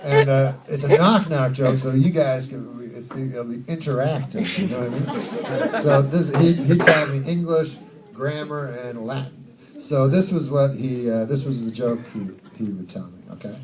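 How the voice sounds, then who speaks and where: A man doing a rambling, deadpan, profane stand-up set before a live audience. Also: mid-range voice, moderate pace. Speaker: stand-up comedian. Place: large hall, live audience. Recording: distant live mic, loud crowd and noise.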